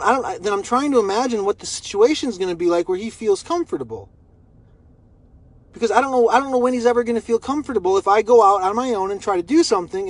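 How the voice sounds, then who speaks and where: A man's voice: high voice, dry recording. A man recording a personal video message, rambling and repeating himself as he vents his frustration. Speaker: vlogger.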